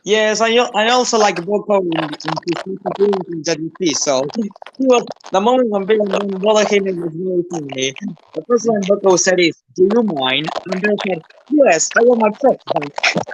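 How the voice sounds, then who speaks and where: A man's voice: high-pitched, noisy background. A man chatting hesitantly as a guest on a friends' live stream. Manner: hesitant, halting. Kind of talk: casual chat.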